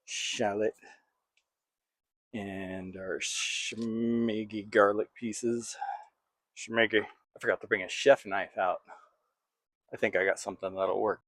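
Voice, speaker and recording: A man's voice: fairly low pitch, steady tone, slow pace, long pauses, a bit bright, no room sound. A man hosting a casual home cooking vlog, talking to himself in a playful, jokey way while he cooks in his kitchen.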